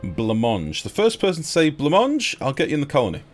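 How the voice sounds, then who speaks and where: A man's voice: on the high side, wildly swooping pitch, brisk, faint music behind. Playful man streaming a game. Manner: playful, teasing banter with chat. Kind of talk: live-stream chat while playing.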